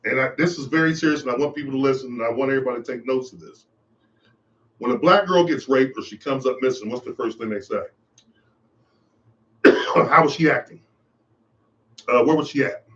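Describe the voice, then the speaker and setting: A man's voice: mid-range voice, a little fast, long pauses. Man, podcast host, impassioned monologue, repeats himself, dull lo-fi sound. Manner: impassioned, preachy, repeats phrases. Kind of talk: monologue commentary.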